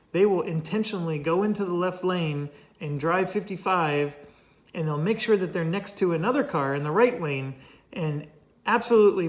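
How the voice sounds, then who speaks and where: A chatty man with a somewhat high-pitched voice talks through a board game he is playing on his own, laying out the rules step by step. He is wry and easygoing, and every so often wanders off into a good-humored rant. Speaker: board game player and channel host. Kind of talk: casual solo board game playthrough commentary.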